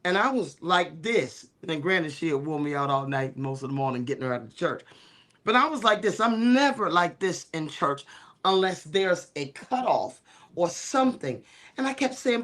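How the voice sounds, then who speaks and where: A middle-aged woman who is a bishop and co-host, telling stories in a talk show discussion in an animated, preacherly way with many fillers. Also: on the low side, moderate pace.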